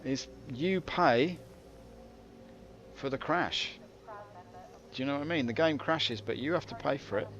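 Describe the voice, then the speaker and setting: A man's voice: medium pitch, a little slow, pauses often, a bit bright. Wry, rambling British man streaming a game. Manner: wry, rambling, self-mocking. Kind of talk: casual livestream commentary. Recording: dull lo-fi with faint hiss.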